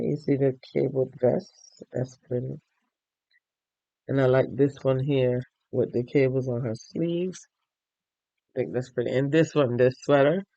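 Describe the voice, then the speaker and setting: A tired, yawning man hosting a crochet and knitting podcast, chatting casually as he shows his items to viewers and thinks out loud. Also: medium pitch, gravelly, no room sound, dull audio. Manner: chatty, thinks aloud, addresses viewers directly. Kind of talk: casual show-and-tell chat.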